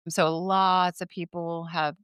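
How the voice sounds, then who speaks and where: A woman co-hosting a spooky podcast, talking in a hesitant, soft-spoken way with many fillers. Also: lowish voice, little pitch movement, slow, clear, resonant tone, no echo, clean studio sound. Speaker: podcast co-host. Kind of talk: casual chat.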